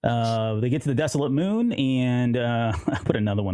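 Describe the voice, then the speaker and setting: A man's voice: medium pitch, animated, normal speed, mellow, clean tone, no room sound, clean studio sound. A man co-hosting a podcast, rambling casually and often quoting characters in little voices. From United States. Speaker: podcast co-host. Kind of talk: casual chat.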